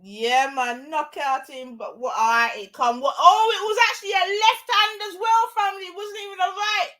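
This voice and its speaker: A young woman, giving excitable, slang-heavy live commentary on a fight and shouting often. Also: very high voice, normal speed. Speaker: watch-along streamer.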